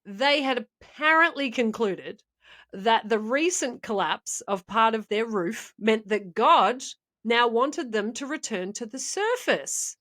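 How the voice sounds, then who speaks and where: A woman's voice: fairly high pitch, animated, slow pace, fairly bright tone. A woman co-hosting a podcast, telling a story in a rambling, chatty way and laughing often. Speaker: podcast co-host. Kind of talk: casual podcast chat.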